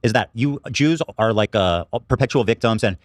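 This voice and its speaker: A man hosting a podcast, talking directly and calmly and asking pointed questions. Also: lowish voice, normal speed, no room sound, clean studio sound. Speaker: podcast host. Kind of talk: podcast discussion.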